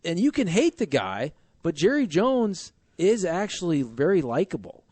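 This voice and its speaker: A man hosting a sports talk radio show, chatting casually with animated, joking asides. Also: on the high side, normal speed, dry recording.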